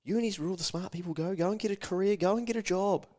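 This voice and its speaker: A man's voice: high-pitched, quick pace, a little mellow, voice pushed up, close to an everyday voice. Man putting on a nagging, dismissive grown-up. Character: condescending adult telling a dreamer to play safe.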